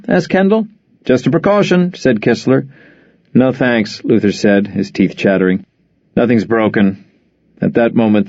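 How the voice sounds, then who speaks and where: A man narrating an audiobook in a measured, even storytelling manner. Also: fairly low pitch, dry recording. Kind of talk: scripted narration. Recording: dull lo-fi dry recording.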